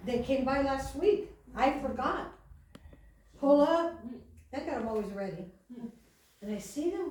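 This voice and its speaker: High-voiced woman preaching in an echoey hall. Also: expressive, darkish tone. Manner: chatty storytelling with slow emphatic lines. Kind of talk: sermon. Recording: echoey hall from far off, faint hiss.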